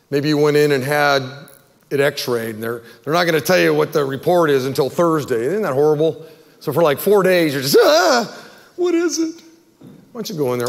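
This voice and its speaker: Male pastor, mid-range voice, earnest pleading sermon, long church reverb. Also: mid-range voice. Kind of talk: sermon altar call and prayer. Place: church sanctuary.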